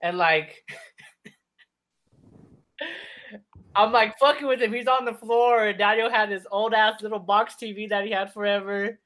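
Speaking high and unhurried with long pauses, this young podcast co-host swaps a profane, laughing story with his friends. His retelling is animated.

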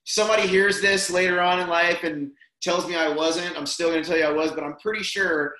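A man's voice: high-pitched, fairly quick, a loud crowd. A man telling a personal story in casual, rambling conversation, tossing in "man" and "dude" as he goes. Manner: relaxed, rambling, peppers speech with "man" and "dude". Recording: roomy echo.

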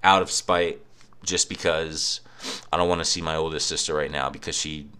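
Young guy, very low voice, cheap home mic, profane sarcastic rant. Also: little pitch movement, fairly quick, pushed and bright, clear, resonant tone. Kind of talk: casual rant. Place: apartment. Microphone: cheap microphone.

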